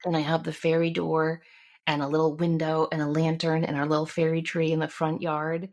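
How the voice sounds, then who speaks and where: A middle-aged woman co-hosting a casual podcast tells a personal story warmly and emotionally, acting out what others said. Her deep voice is delivered completely flat and a little fast.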